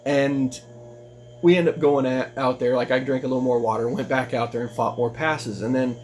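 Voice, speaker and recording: A man's voice: steady tone, moderate pace, a little mellow, slight background noise. Rambling man telling a story. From United States. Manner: rambling, full of "you know" and "like", with restarts; pitch jumps up when he gets worked up. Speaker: vlogger. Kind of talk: casual spoken storytelling.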